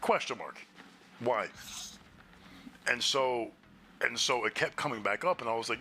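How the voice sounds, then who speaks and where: Exasperated man ranting, bright voice. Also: medium pitch, a little slow, long pauses, slight background noise. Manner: profane, exasperated retelling with quoted dialogue. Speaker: streamer. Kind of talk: casual storytelling chat.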